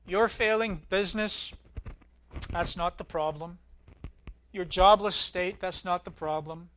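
A man preaching a sermon as pastor, swelling loud on key lines and dropping low and quiet at others. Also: measured pace.

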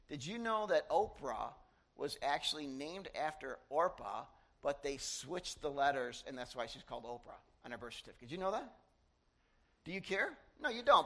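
Animated high-voiced male preacher. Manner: conversational and animated, with asides to the congregation. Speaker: pastor. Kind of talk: sermon.

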